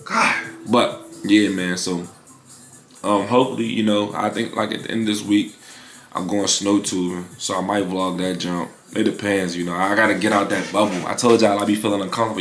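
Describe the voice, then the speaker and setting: A man's voice: on the low side, reverberant. A man in his twenties talking casually in a vlog about his clothing brand, laid-back and slangy with lots of fillers. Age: 20s. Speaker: vlogger building a clothing brand.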